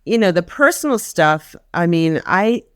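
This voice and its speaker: In a casual, earnest conversation, a woman guest describes a sabbatical grant program through stories, performing the voices of those she quotes. Her voice sits lowish, with lively intonation and an unhurried, clean delivery. The studio sound is clean, without any room noise.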